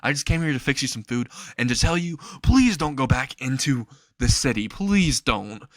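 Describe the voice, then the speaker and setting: A snarky, foul-mouthed teenage boy who hides a monster nature, voiced in a fan-made spoken story, as a man reads him out. He talks casually and hurls crude insults in a plain, mid-pitched voice. The recording sounds dry and close. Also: very animated, normal speed, no echo, natural voice. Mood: pleading.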